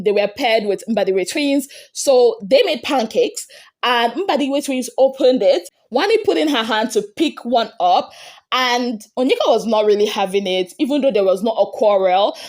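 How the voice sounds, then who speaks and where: A woman hosting an entertainment gossip show, recapping reality TV fights in a casual, animated way. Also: moderate pace. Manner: animated retelling, acting out quotes with big pitch jumps.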